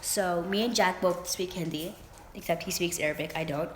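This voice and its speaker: A young woman chatting straight to camera in a loose storytime vlog, circling back and restarting her sentences. Her voice sits a little low for a woman. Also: moderate pace, a little hiss or hum. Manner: rambling, with many fillers and restarts. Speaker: vlogger. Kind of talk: casual storytime chat.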